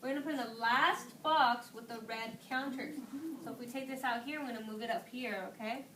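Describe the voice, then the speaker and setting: A woman's voice: on the high side, a little fast. A woman teacher in a classroom, asking questions and praising her students. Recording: distant echoey classroom, clear noise.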